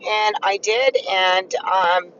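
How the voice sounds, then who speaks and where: A man's voice: sits high, steady tone, slow, fairly bright tone, highs cut off, slight background noise. A man vlogger recounting a personal experience in a hesitant, earnest way, full of ums and restarts. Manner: hesitant, filler-heavy and earnest. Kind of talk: personal storytelling.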